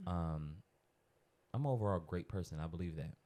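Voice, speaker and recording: A relaxed male podcast co-host with a slightly low voice. He jokes easily and talks with playful confidence in loose, casual chat. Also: moderate pace. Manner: joking, laid-back, playfully confident.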